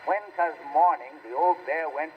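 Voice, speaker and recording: A man with a slightly high voice, at normal speed, recites as a small boy telling a bear story in folksy dialect, rambling earnestly and stumbling into restarts. The audio is narrow and tinny with slight background noise, though the voice sounds natural.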